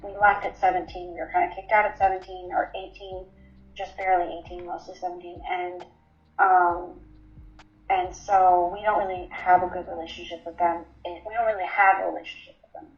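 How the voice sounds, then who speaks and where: A woman's voice: fairly low pitch, flat delivery, fairly quick. A woman in her twenties telling her personal story in an interview, candid and matter-of-fact, with frequent ums. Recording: roomy, slightly dull recording.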